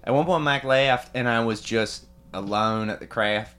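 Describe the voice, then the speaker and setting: A man hosting an improvised comedy podcast, rambling in a deadpan way. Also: medium pitch, normal speed, smooth. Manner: rambling, deadpan, breaks into laughter.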